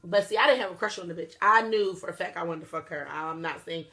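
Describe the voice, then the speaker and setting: A woman's voice: lowish voice, fast talker, bright, forceful tone. A young adult woman hosting a casual talk stream, speaking bluntly and swearing freely as she addresses her viewers directly. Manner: blunt, profane, talks straight to viewers. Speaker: host.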